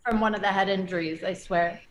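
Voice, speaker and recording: A woman's voice: mid-range voice, fairly even intonation, a little fast. A woman in casual chat, teasing her friends and explaining slang words. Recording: echoey room.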